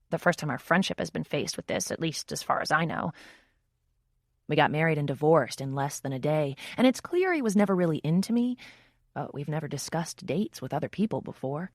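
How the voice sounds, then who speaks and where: A woman's voice: sits low, gravelly, no echo. A woman reading a first-person audiobook in a wry, intimate inner-monologue manner, close to the mic. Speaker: audiobook narrator.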